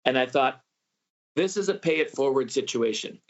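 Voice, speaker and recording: A man hosting a travel podcast, telling a story in a casual, animated way and acting out what people said. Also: mid-range voice, normal speed. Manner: animated, acts out quoted voices. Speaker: podcast host. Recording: muffled lo-fi audio.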